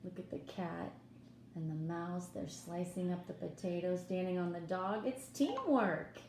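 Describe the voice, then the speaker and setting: Lady reading a kids' picture book out loud, warm mellow voice, takes her time, roomy echo. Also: on the low side, normal speed, slight background noise. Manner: lively and expressive, pointing out pictures and asking listeners questions. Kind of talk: read-aloud storytime.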